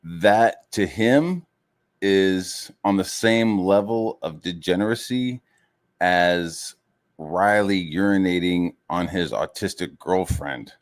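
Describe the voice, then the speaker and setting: A man's voice: low-pitched, slow. A man ranting heatedly as a streamer, swearing constantly, with lots of fillers, mocking other people in raised voices. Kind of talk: profane rant.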